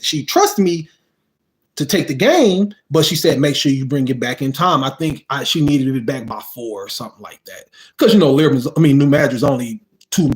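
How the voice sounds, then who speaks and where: A man telling a casual storytime, animated and acting out quoted lines. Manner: animated, acts out quotes with pitch jumps. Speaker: storytelling vlogger.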